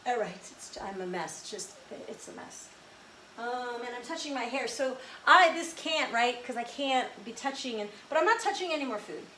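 A woman's voice: fairly high pitch, lively intonation, normal speed, bright, forceful tone, far from the mic, slight background noise. Chatty woman rambling while cooking. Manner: rambling, self-deprecating, chatty with many fillers. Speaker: home cook vlogger. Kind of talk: casual cooking vlog chat. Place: home kitchen. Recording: echoey kitchen with faint ambience.

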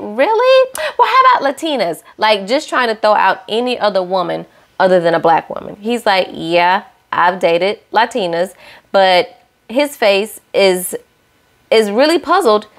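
A woman's voice: medium pitch, creaky. A young woman hosting a casual reality-show recap, sassy and opinionated, scolding the cast directly.

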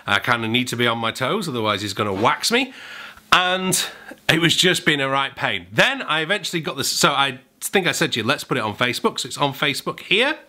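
A chatty man talks straight to his viewers in a casual vlog. His voice is bright and clear, sitting at an ordinary pitch, and he rambles along in an upbeat, apologetic way. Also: expressive, a little fast. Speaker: vlog host and musician. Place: at home indoors.

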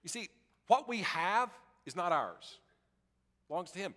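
High, bright-voiced emphatic preacher. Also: male voice, big pitch swings, normal speed, in a large hall. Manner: emphatic, repetitive, calls the congregation to repeat after him. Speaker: pastor. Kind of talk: sermon.

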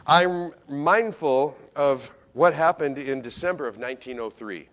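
A man preaching a Christmas sermon as pastor, folksy and animated, talking straight to his congregation and swinging from loud to hushed. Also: a little high, measured pace, few pauses. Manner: folksy, addresses congregation directly.

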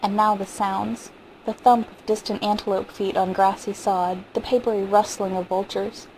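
A woman reading a short story aloud in a steady, vivid narrating manner. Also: medium pitch, normal speed, a little hiss or hum, low-quality recording. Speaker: audiobook reader.

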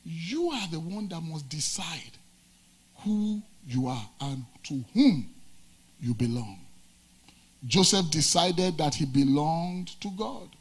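A man from Nigeria preaching a sermon in a fairly high, husky voice. He swings between loud, emphatic lines and low, quiet asides. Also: expressive, slow pace. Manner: preaching with dramatic swings of pitch and volume. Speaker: pastor.

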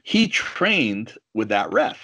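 Animated storytelling man, dry sound. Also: on the low side, slow, no room sound, low-quality recording. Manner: animated storytelling, swears freely. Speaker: guest, jiu-jitsu coach and fighter. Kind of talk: casual podcast chat.

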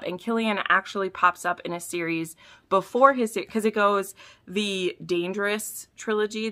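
Gushing young woman vlogger, bright voice. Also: fairly low pitch. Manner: gushing, excitable, with gasps and sudden squeals; drops to soft whispers between bursts. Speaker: book vlogger. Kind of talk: casual vlog unboxing.

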